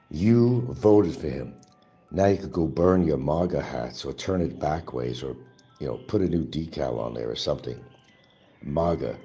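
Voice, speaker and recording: A man's voice: a bass voice, creaky, dark tone. A man hosting his own show, delivering an angry, profane and mocking monologue. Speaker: livestream host. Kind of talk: ranting political monologue.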